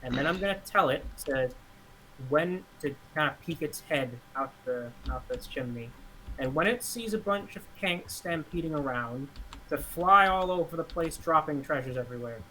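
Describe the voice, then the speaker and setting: A male player thinks aloud in halting bursts during a tabletop game. His voice is bright, with faint background hiss. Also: a little high, expressive, rough recording. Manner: hesitant, thinking aloud with pauses.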